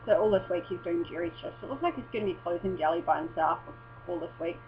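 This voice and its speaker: A woman's voice: on the low side, quick pace. Woman, casual vlog chat, rambling, swears a lot, muffled lo-fi recording, faint mains hum. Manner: rambling, sweary and self-interrupting. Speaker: vlogger.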